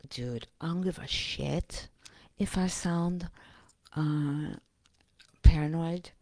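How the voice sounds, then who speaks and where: A woman vlogging in a casual, rambling monologue, often dropping to a breathy whisper and speaking bluntly with profanity. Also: sits low, slow, dark tone, no room sound.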